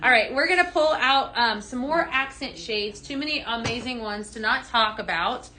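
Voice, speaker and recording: Bright, chatty woman hosting a live sales show. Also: fairly high pitch, normal speed, a little hiss or hum. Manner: chatty, reads and answers viewer comments; enthusiastic with fillers and restarts. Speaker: host of a live home-fragrance sales show. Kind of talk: casual live-stream product demo.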